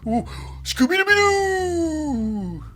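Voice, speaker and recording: A man's voice: extremely high pitch, big pitch swings, very slow, fairly bright tone, faint music behind, pitched above the performer's own voice, full character voice. A man doing a goofy, clueless wrestler.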